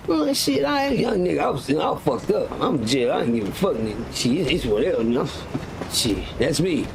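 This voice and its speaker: A middle-aged man from West Texas, telling stories in an animated way on a livestream and acting out the people he quotes. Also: brisk, vocal fry, over a noisy crowd. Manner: animated storyteller, acts out quoted people in a loud high voice. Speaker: livestream host. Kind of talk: casual storytelling. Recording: noisy livestream audio.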